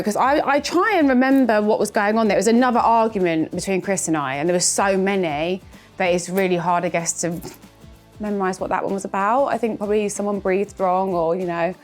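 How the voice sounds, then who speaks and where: Candid woman reacting to old clips. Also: on the low side. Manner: candid, chatty, self-mocking. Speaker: reality TV star.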